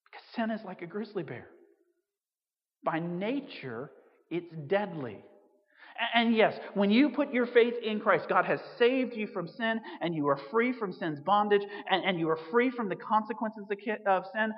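Preacher in a dull echoing hall. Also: male voice, sits high, lively intonation, moderate pace. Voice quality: conversational, frequent restarts and asides. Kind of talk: sermon. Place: church on Jersey. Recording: dull reverberant hall recording.

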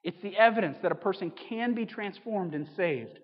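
A man's voice: high voice, normal speed, slightly rough. Guy preaching in a church, earnest, keeps asking the crowd questions, big echoey hall, kinda dull sound. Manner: earnest, direct address with rhetorical questions. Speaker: pastor. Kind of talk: sermon.

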